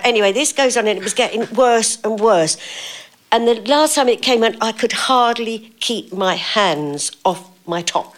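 A woman's voice: fairly low pitch, normal speed. An older woman telling stories as an interview guest, chatty, laughing often and acting out what people said. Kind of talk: casual anecdotal storytelling.

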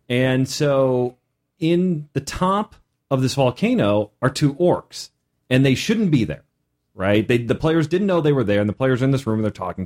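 A man co-hosts a casual tabletop gaming podcast and tells stories from his game as game master. His pitch swings widely and expressively, and he sits at a middle pitch. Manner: animated storytelling.

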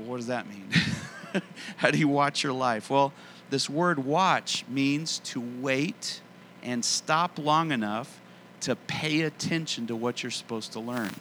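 Earnest male preacher with a bright voice. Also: mid-range voice, a little hiss or hum. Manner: earnest, conversational preaching with emphatic slowed phrases. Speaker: pastor. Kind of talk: sermon.

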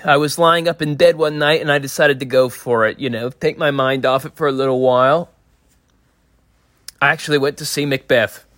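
A man telling a meandering stand-up story live, in a deadpan, profane manner. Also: on the high side, no room sound, studio quality. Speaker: stand-up comedian. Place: library event space.

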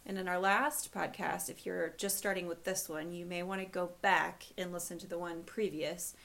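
A woman's voice: lowish voice, fairly even intonation, moderate pace, vocal fry, fairly bright tone. A woman hosting a podcast in a casual, chatty way. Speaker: podcast host.

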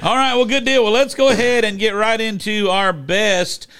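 A man's voice: high voice, steady tone, normal speed, a bit bright. A man hosting a church podcast, upbeat and jokey as he steers between segments. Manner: upbeat, jokey wrap-ups. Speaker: podcast host. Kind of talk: casual podcast chat.

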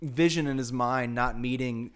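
A man's voice: medium pitch, moderate pace, clear, resonant tone. An American man co-hosting a podcast, talking through a movie in a thoughtful, casual way with many "like" fillers. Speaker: podcast co-host. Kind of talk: casual film discussion.

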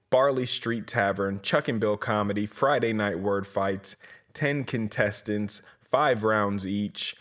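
A young man hosting a comedy podcast, rambling through profane, jokey plugs for his shows. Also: lowish voice. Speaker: podcast host and comedy promoter. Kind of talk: casual comedic rant.

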